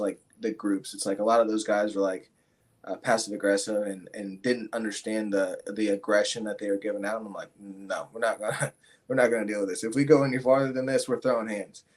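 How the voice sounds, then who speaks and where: A young man, a fighter being interviewed, telling a story casually with lots of fillers and restarts. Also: fairly low pitch. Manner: rambling, many fillers and restarts.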